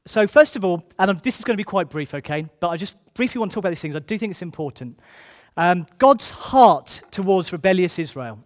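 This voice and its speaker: A man preaching a sermon, reading scripture slowly and then hurrying through his asides, often repeating key phrases. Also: high voice, lively intonation.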